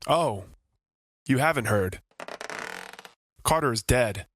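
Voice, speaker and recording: An actor playing a wisecracking private detective who narrates in a dry, hard-boiled way and grows exasperated. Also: male voice, mid-range voice, lively intonation, takes it slowly, a bit bright, slight background noise. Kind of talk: comedy noir audio drama.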